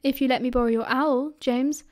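A woman's voice: high-pitched, fairly even intonation, moderate pace, a little mellow, no echo, clean studio sound, close to an everyday voice. A woman with a British accent voicing a confident, sly schoolboy with a wry, offhand way of talking.

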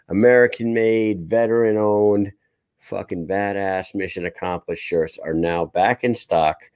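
A man's voice: fairly low pitch, fairly even intonation, unhurried, darkish tone, clean tone, no room sound. A man co-hosting a live podcast, talking in a casual, rambling, profane way. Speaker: podcast co-host. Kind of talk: casual chat.

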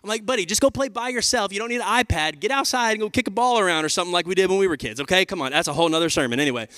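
A bright, forceful male pastor with a lilt, talking to his congregation like old friends. His slightly high voice rings out through a big church auditorium with a long, lingering reverb. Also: very fast, hardly any pauses. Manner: animated and conversational, addressing the crowd as y'all. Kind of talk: sermon. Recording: live hall with long reverb.

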